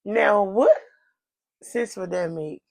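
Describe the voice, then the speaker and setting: A woman co-hosting a podcast in casual chat, animated and exclamatory, giving advice. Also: mid-range voice, slow pace, gravelly. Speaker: podcast co-host.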